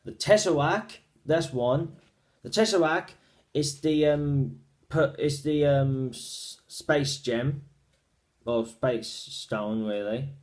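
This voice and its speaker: A man giving a casual spoken film review, retelling the plot in a rambling, halting way with frequent restarts. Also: fairly high pitch, a little mellow.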